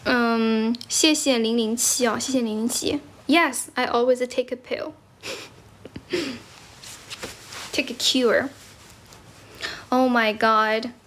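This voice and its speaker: A woman's voice: a little high, fairly even intonation, slow pace, pauses often, fairly bright tone, slight background noise. A young woman from China hosting a casual livestream, chatting in English and Chinese, laughing often and thanking viewers for gifts. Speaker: livestream host. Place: indoors, squatting while streaming.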